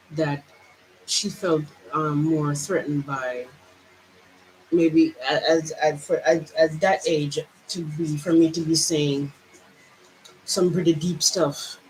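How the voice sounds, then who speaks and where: A woman vlogger with a Jamaican accent, pouring out her feelings in a halting personal monologue full of restarts. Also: sits low, darkish tone, poor audio.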